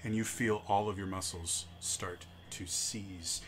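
Male game master, low voice, bright timbre, faint background hiss. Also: fairly even intonation. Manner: halting, stuttering restarts. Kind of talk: narrating a tabletop game.

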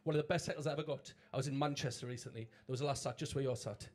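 A man's voice: mid-range voice, steady tone, racing, a little mellow. A man doing stand-up, telling stories in a brash, sweary way and laughing at his own punchlines on a comedy club stage. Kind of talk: stand-up storytelling. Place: comedy club stage before a live audience.

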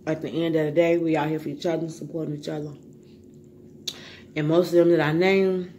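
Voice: mid-range voice, mellow, a little hiss or hum. A vlogger talking casually to viewers while eating, loose and slangy, often repeating words.

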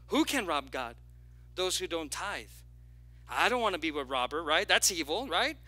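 A male pastor preaching a sermon, animated and lively, drawing call-and-response from the congregation with playful asides. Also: a little high, normal speed, no echo. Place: church sanctuary.

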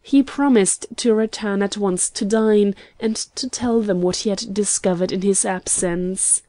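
Woman narrator, audiobook, slow measured reading, mellow tone, dry close sound. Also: medium pitch, dry recording. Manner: measured, even storytelling. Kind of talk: scripted narration.

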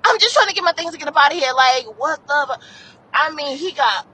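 A woman's voice: high-pitched, fairly quick, poor audio. A woman from the northern United States co-hosting a podcast, telling stories in casual chat and acting out what people said, with laughter. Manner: animated storytelling with acted-out quotes and laughter. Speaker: podcast co-host.

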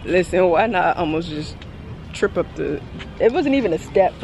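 A woman's voice: lowish voice, lively intonation, normal speed, vocal fry, background noise. A young woman chatting casually to her viewers in a vlog, laughing often and talking to them as y'all; she is tired. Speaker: vlogger.

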